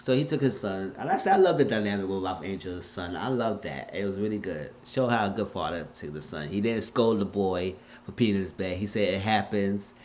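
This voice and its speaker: Low-voiced man rambling through a recap. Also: animated, brisk, hardly any pauses, darkish tone, slight background noise. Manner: rambling, colloquial, retelling scenes. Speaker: TV show recapper. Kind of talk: casual episode recap. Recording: dull lo-fi recording.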